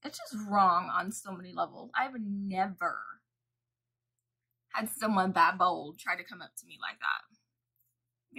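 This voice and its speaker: Woman makeup vlogger, husky and bright, swears freely, chatty home tutorial. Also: lowish voice, expressive, slow pace, pauses often, poor audio. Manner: chatty, profane storytelling. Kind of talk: casual makeup tutorial chat.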